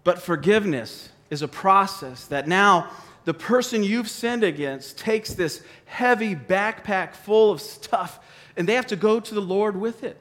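A man in his forties preaching a sermon, his voice pitched high and lively as he jokes with the congregation. He talks in a loose, conversational way on a worn mic. The sound carries a long reverb from a large church hall. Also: unhurried. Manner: animated, joking, conversational. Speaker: pastor. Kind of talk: sermon with a live demonstration. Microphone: wearing a mic.

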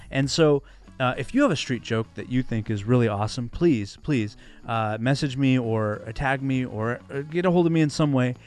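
A man hosting a casual monologue about comedy, earnest and enthusiastic, with plenty of fillers. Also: mid-range voice. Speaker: host, comedy editor and stand-up comic.

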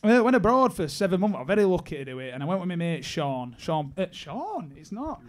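A man's voice: sits high, animated, quick pace. A young man with a northern English accent, a singer chatting casually and laughing at himself. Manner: laughing, self-mocking banter. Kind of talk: casual chat.

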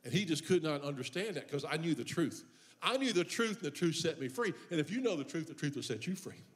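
Fervent preaching man with a higher voice. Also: lively intonation, fast talker. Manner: impassioned preaching that builds in pitch and force on repeated refrains; humorous storytelling about his own life. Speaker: pastor. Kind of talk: sermon. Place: church.

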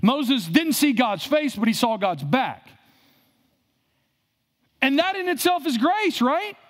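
Lively high-voiced preacher. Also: male voice, slow pace. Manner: asks the congregation questions, repeats phrases for emphasis. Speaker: pastor. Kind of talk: sermon.

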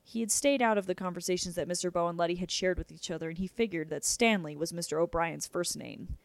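A woman narrating a novel aloud in a steady, even storytelling manner. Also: lowish voice, fast, gravelly, dry recording. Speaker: audiobook narrator.

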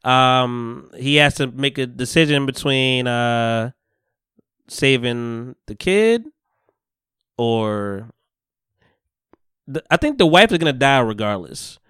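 A man's voice: mid-range voice, takes it slowly, pauses often, clean tone. A man hosting a podcast, casually recapping a TV episode with lots of laughter and acted-out lines. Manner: animated storytelling, acts out characters, laughs a lot. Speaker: podcast host.

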